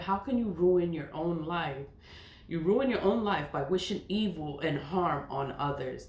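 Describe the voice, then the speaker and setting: A woman in her forties in a casual spoken monologue, emphatic and animated, laughing often and swearing. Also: on the low side, reverberant. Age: 40s. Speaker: spiritual content creator.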